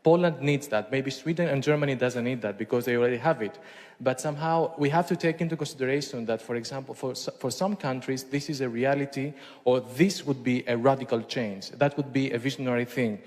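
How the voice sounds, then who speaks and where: A man offers hesitant remarks in a public debate and pauses to search for words. His voice sits at a middling pitch. The room around him has a long hall reverb. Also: a little mellow. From Greece. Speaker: debate participant. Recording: echoey hall.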